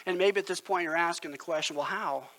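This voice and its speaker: Bright, high-voiced man preaching a sermon. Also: fast talker, poor audio. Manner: storytelling, earnest and conversational. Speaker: pastor.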